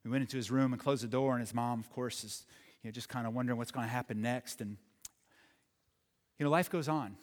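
A man telling a story in a halting way, repeating words and moving from excited to hushed. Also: medium pitch, long reverb tail. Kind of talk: told story.

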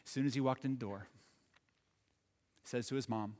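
Halting man telling a story in a hall. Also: mid-range voice. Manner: halting, repeats words, swings from excited to hushed. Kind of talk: told story.

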